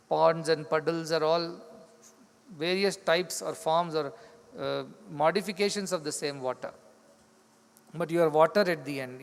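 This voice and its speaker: A man's voice: a little high, creaky, a bit bright. A man with an Indian English accent giving a spiritual discourse, explaining through repetition and acted-out stories. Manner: explains with repetition, acts out quoted voices. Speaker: spiritual teacher. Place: large hall. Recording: long hall reverb.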